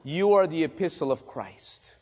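A man's voice: on the high side, expressive, normal speed, darkish tone. A male pastor whose first language is Spanish, preaching a sermon with dramatic drops to near-whispers for emphasis. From Spanish-speaking country.

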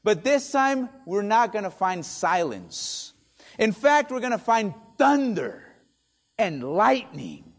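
A man's voice: sits high, big pitch swings, slow pace. A male pastor whose first language is Spanish, preaching a sermon with dramatic drops to near-whispers for emphasis. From Spanish-speaking country.

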